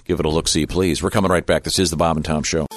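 A man's voice: rumbling low, steady tone, very fast, loud music behind the voice. A man hosting a radio show, leading casual banter in the studio and chuckling between lines. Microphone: studio microphone.

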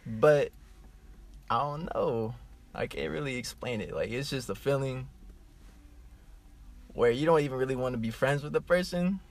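Laid-back man, mid-pitched, halting. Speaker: guest. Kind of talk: casual chat. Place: in a car.

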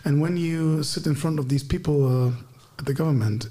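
A man hosting a podcast, speaking halting English in short, repeated phrases. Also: on the high side, dark tone. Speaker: podcast host. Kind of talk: casual chat.

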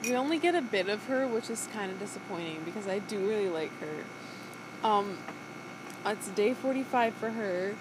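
A woman's voice: mid-range voice, expressive, normal speed, background noise. A woman podcast co-host in casual chat, retelling events animatedly with quoted asides. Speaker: podcast co-host recapping a show.

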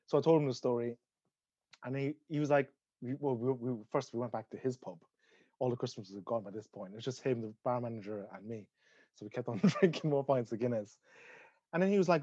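A young man with an Irish accent tells a long personal story, animated, swearing, and laughing often. His voice is mid-pitched. The recording is dry and somewhat muffled. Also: fast, no room sound. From Ireland. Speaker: guest telling a story. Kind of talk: casual storytelling.

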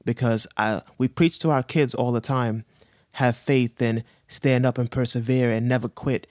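A man in his thirties speaks earnestly and with feeling, choked up at times, heavy on slang and cursing. His voice sits at a middle pitch. The recording is dry and close with no room sound. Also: steady tone, normal speed, a little mellow, dry recording. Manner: earnest, emotional, urges listeners with slang and profanity. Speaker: guest sharing his cancer diagnosis. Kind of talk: candid podcast conversation.

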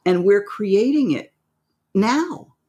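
An excitable woman co-hosts a spiritual podcast chat. Her pitch leaps all over the place as she acts out little voices and laughs often, in a middle-pitched voice. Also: slow pace. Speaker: podcast co-host.

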